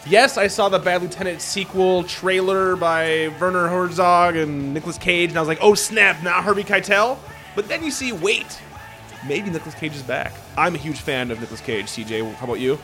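A man co-hosting a podcast, joking around in loose, profane, animated chat. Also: on the high side, fairly quick, soft background music. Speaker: podcast co-host. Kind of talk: casual chat.

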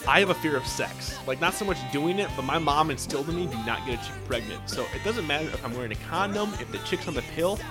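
A man hosting a podcast, telling a story in a profane, animated, rambling way. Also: on the high side, quick pace, hardly any pauses, over music. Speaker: podcast host. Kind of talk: casual storytelling.

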